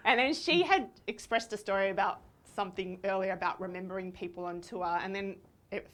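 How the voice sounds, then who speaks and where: A middle-aged woman, a guest in an interview, telling a story in a lively, animated way and laughing often. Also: medium pitch, a little fast. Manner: lively storyteller who acts out quoted voices and laughs often. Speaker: interview guest, events company owner.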